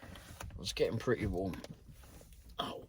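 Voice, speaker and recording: A man's voice: mid-range voice, measured pace, a little hiss or hum. A middle-aged British man recounting his delivery shifts in a rambling, casual way, swearing freely and chuckling. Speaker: delivery driver vlogger. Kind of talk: casual storytelling vlog.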